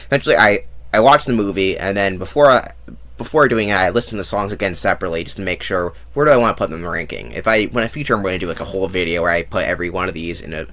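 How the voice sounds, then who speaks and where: A man's voice: deep voice, rapid-fire, fairly bright tone. A man giving a blunt, profane movie review monologue, ranking things and mocking what he hates. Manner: blunt, profane and mocking, with fake sung bits.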